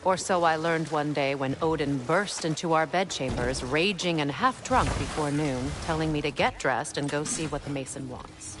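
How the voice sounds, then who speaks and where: An actress playing a proud, bitter goddess queen and mother who talks in a dry, sardonic, measured way, in a video game cutscene. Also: low voice, close to an everyday voice. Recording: game audio with clear ambient noise.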